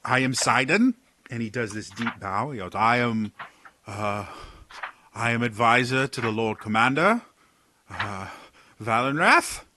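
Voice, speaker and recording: A man's voice: mid-range voice, animated, a little slow, pushed and bright, slight background noise. A man voicing a stuffy male advisor who gets flustered, stammers and speaks formally.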